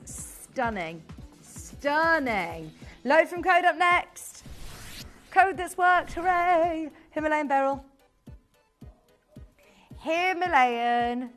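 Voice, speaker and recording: A young British woman presenting a live TV shopping show, gushing and chatty with quick asides. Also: high-pitched, fairly bright tone.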